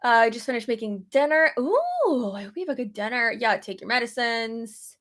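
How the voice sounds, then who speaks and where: A woman's voice: fairly high pitch, fairly quick. A young woman chatting casually on a livestream, telling stories with lots of laughs and swearing, and pregnant. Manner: chatty, profane and laughing, with animated storytelling. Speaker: streamer.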